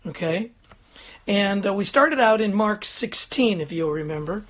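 A man's voice: high voice, expressive, a little slow, fairly bright tone. Older man, pastor, folksy chatty sermon, chuckles, checks in with the congregation, standing at the front. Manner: chatty, chuckles, frequent "Amen?" and "Okay?" check-ins.

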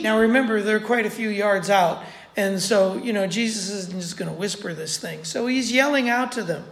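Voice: medium pitch, moderate pace. A preacher giving a sermon in a conversational way, repeating points for emphasis. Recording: roomy echo.

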